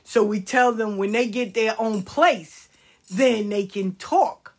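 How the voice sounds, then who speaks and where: A middle-aged woman telling comedic stories in a casual, animated way, swearing freely. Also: mid-range voice, slow pace. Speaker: storyteller.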